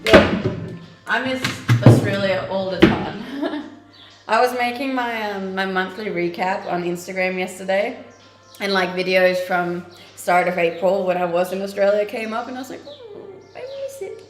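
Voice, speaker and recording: A woman's voice: mid-range voice, steady tone, normal speed. A woman in her twenties from Denmark, casually chatting and teasing as she reads viewer comments on her livestream, laughing often. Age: 20s. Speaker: livestream host. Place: home kitchen. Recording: echoey room with faint music.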